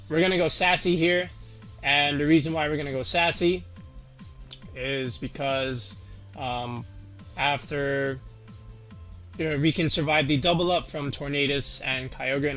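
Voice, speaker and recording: This man, a competitive game YouTuber, speaks in a fairly high, fairly bright voice. He rambles casually through a game teambuilding tutorial, full of fillers and restarts.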